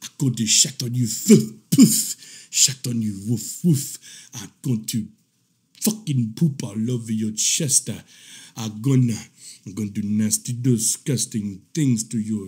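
A man voicing a crude, gloating husband who taunts in a low, menacing drawl. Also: a little slow, dark tone, slightly rough. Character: crude, gloating husband sending threatening voice messages.

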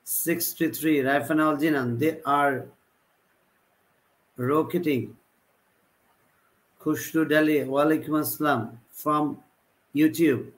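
A man teaching a live online class, repeating example sentences with a halting delivery. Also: a little high, fairly even intonation, rough recording. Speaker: English teacher.

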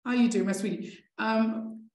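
A woman's voice: a little high, steady tone, normal speed, darkish tone, roomy sound, low-quality recording. A woman maths teacher from South Africa running a live online class, chatty and encouraging, often laughing with her students.

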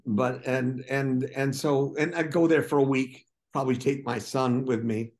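A man from Milwaukee, a guest in a casual interview, talking in a halting, self-deprecating way with many restarts. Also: mid-range voice, steady tone, darkish tone.

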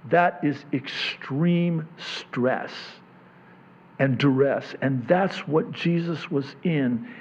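Slow, impassioned male pastor preaching. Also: fairly high pitch, highs cut off. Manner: swings from hushed near-whisper to loud impassioned preaching. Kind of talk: sermon.

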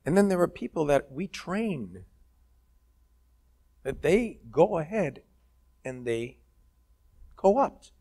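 A man's voice: fairly high pitch, big pitch swings, takes it slowly, long pauses, dark tone, husky. A man who is the guest actor at a college talk, speaking in a casual, musing, conversational way. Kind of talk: onstage conversation. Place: college event stage.

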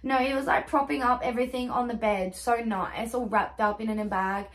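A woman's voice: on the high side, steady tone, moderate pace. A young woman chatting casually in a haul vlog, gushing and swearing freely as she shows off her gifts. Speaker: vlogger.

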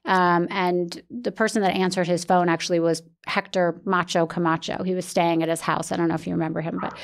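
A woman's voice: on the low side, little pitch movement, brisk, vocal fry. A woman podcast host telling a personal story in a candid, earnest way, with many fillers and restarts.

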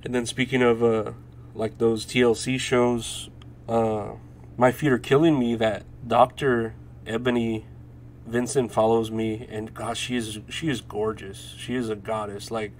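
A man's voice: mid-range voice, level tone, measured pace, slight background noise. A man in his thirties hosting a podcast alone, rambling through stories with lots of swearing and laughs. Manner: rambling, profane, laughs while telling stories. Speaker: podcast host. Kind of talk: casual solo chat.

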